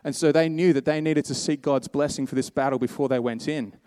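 A man's voice: fairly high pitch, steady tone, brisk, mellow, no echo. A man preaching a sermon, telling a Bible story in a casual, conversational way and voicing the characters' lines.

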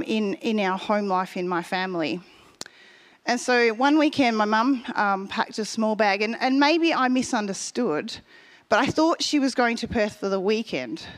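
Woman, preaching, personal storytelling, asks the congregation questions, slightly high voice. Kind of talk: sermon.

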